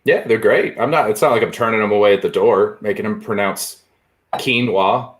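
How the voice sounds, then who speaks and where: Easygoing wry man with a low voice. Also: normal speed. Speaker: comedian co-hosting a stream. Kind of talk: casual chat.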